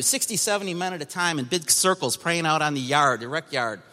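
Man, fairly high voice, bright and forceful, emphatic storyteller, church testimony, reverberant hall. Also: a little fast. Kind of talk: personal testimony to a congregation.

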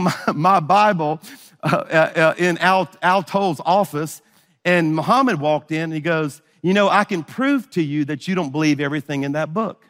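A man's voice: on the high side, a bit bright, long reverb tail. A middle-aged man preaching a sermon, telling a story and acting out the dialogue. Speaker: pastor.

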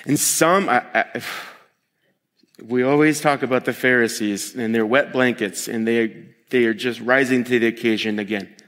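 A man preaching a sermon as pastor, talking in a lively, conversational way that swings between excited bursts and hushed asides. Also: medium pitch, moderate pace. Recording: long hall reverb.

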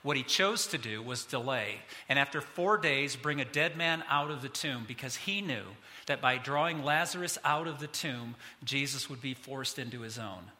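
Bright animated preacher in a hall. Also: male voice, moderate pace, hardly any pauses. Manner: animated, voice rising high when excited. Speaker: pastor. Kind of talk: sermon.

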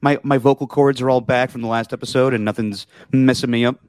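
A man's voice: mid-range voice, fairly even intonation, fairly quick, darkish tone, clear, resonant tone, dry recording, studio quality, soft background music. A man co-hosting a podcast in casual sports chat, jokey and prone to silly impressions. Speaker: podcast co-host.

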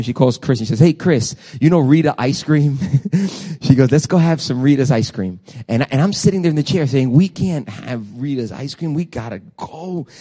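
A middle-aged man, a pastor, telling a personal story in a sermon, animated and swinging from hushed asides to near-shouting. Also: medium pitch.

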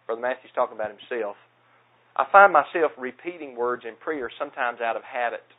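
Earnest Southern preacher, tinny sound. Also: male voice, mid-range voice. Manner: earnest, plain-spoken, self-deprecating. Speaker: pastor. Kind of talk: sermon.

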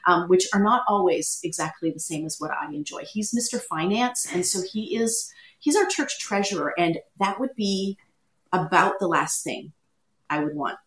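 A woman's voice: fairly low pitch, expressive, normal speed. A middle-aged Canadian woman chatting as a podcast guest, friendly and self-deprecating. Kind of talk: casual chat. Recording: echoey, distant from the mic.

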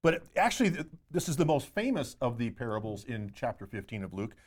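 A man's voice: medium pitch, big pitch swings, fast talker. A man co-hosting a Bible study discussion, reading scripture aloud and explaining it verse by verse. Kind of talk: teaching discussion.

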